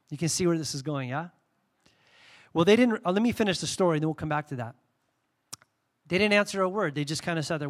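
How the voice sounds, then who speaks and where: Brief: male pastor, high voice, casual animated storytelling sermon. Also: quick pace, pauses often.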